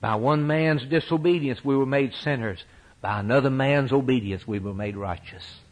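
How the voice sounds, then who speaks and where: A man preaching a sermon at a church service, impassioned, swinging from loud high peaks down to low, quiet lines. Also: normal speed, poor audio.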